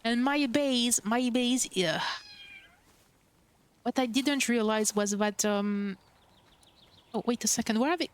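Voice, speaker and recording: A woman's voice: fairly high pitch, slow, long pauses, clear, resonant tone. Bubbly young woman streaming a game. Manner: bubbly, chatty, coos at cute creatures. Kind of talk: casual gameplay commentary.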